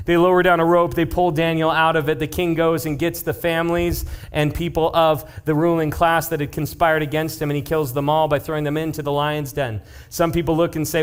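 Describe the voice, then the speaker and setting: A young man, a youth pastor, preaching in a casual, animated way, retelling a story and dropping into hushed asides. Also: a little high, brisk, hardly any pauses, clear, resonant tone. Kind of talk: youth-group sermon storytelling.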